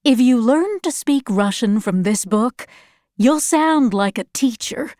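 A woman's voice: on the high side, animated, takes it slowly, a little mellow, dry recording, clean studio sound. A woman voicing an earnest, loving mother in an audiobook reading. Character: worried but loving mother. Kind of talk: audiobook narration.

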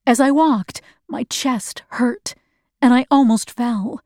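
A young adult woman reading a story aloud as scripted narration, calm and even. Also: on the high side, slow, no echo, studio quality. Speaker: audiobook reader.

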